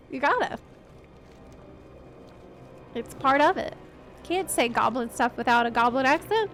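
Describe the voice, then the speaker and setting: A woman streamer chats and reacts out loud as she plays, giggling now and then. Her voice is high and her talk is unhurried. Game music plays faintly behind her. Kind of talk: casual gameplay commentary.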